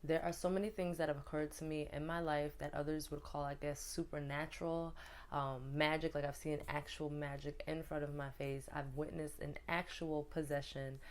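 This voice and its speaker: A woman's voice: low-pitched, moderate pace. A woman from New York chatting through a personal storytime with lots of fillers. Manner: chatty, animated retelling with many fillers. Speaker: vlogger. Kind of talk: casual storytime.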